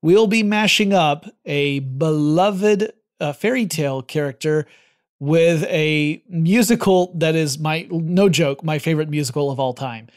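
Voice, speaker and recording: A man co-hosting a podcast in a relaxed, enthusiastic way, with a somewhat high voice. He talks loosely, with many fillers and restarts. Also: measured pace. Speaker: podcast co-host. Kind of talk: casual chat.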